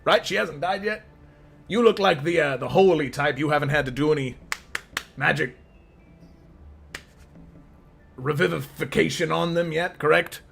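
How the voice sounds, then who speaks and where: A man voicing a proud elderly adventurer in a tabletop game, formal and quick to take offense. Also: fairly high pitch, gravelly, a bit bright, soft background music. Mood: probing. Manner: indignant, formal, raises his voice. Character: proud elderly male adventurer, touchy about his age. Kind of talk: in-character tabletop roleplay.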